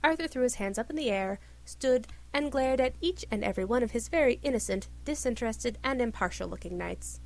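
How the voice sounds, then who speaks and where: A woman reading a story aloud with expressive narration. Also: a little high, brisk, few pauses. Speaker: reader. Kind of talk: reading fan fiction aloud.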